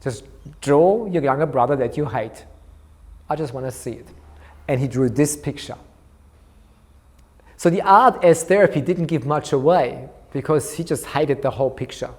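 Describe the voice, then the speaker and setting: A man lecturing on art therapy, recounting a clinical case and acting out the dialogue between therapist and child, growing soft for the tender moments. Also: fairly high pitch, moderate pace, long pauses. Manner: storytelling, softens his voice for tender moments.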